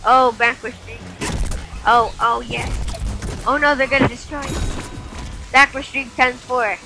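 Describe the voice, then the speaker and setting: A young woman giving excited gameplay commentary, yelping and shouting at the game as she plays. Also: high-pitched, a little slow. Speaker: gamer. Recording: faint game music behind.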